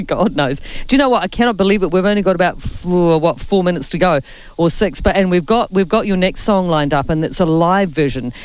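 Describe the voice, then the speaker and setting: A New Zealand woman hosting a radio interview, chatty and quick to laugh along. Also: lowish voice, a little mellow, clean tone. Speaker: radio host.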